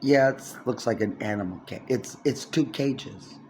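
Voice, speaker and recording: A man in his sixties talking to camera in a long rambling monologue, swinging from low mutters to loud outbursts, indoors in his apartment building. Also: a little slow, a little hiss or hum. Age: 60s. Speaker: vlogger.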